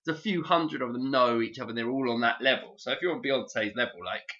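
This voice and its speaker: A man co-hosting a podcast in casual chat, animated and swearing freely. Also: medium pitch, fast talker. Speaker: podcast co-host. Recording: dull lo-fi sound.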